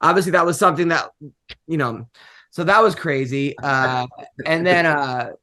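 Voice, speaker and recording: High bright-voiced man telling stories. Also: normal speed. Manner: animated, rambling, laughs often. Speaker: podcast host and comedian. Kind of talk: casual podcast chat, storytelling.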